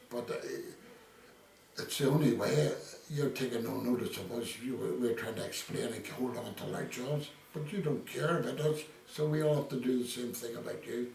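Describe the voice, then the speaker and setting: A man's voice: fairly low pitch, creaky, a little mellow, a little hiss or hum. An older Irish man being interviewed, telling rambling stories full of quoted dialogue. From Ireland. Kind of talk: casual storytelling. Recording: echoey room, distant mic, faint ambience.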